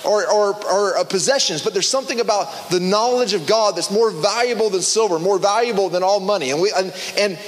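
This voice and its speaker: A man preaching a casual sermon to a small group, conversational and animated, with frequent restarts and fillers. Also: sits high, a little fast, few pauses, in a large hall.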